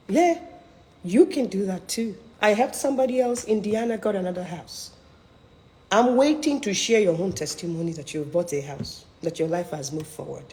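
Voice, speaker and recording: A woman's voice: mid-range voice, mellow. Emphatic preacher-like woman, echoing room. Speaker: career coach and mentor. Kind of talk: live online coaching talk.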